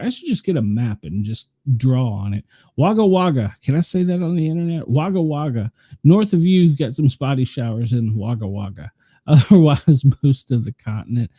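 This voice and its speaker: Man, tennessee accent, casual weather radar commentary, rambling, self-mocking, lively pitch, very dark mellow tone. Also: moderate pace, dry recording, studio quality. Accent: Tennessee Southern. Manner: rambling, self-mocking, thinks aloud while clicking around. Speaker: show host.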